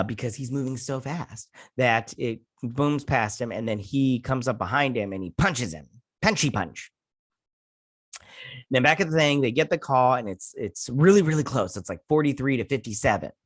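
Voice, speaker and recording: A man's voice: mid-range voice, no room sound, studio quality. A man hosting an online show, casually retelling and reviewing a TV episode with lots of fillers, getting heated with opinions. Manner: rambling retelling with many fillers and acted-out quotes. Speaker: host.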